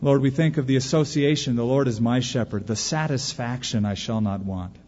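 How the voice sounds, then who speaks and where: A husky-voiced man preaching a sermon, animated and dramatic, his words rolling through a big reverberant church hall. The sound is a little muffled and dull. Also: mid-range voice. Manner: animated preaching with acted-out quotes and dramatic pauses. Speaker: pastor. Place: large church auditorium.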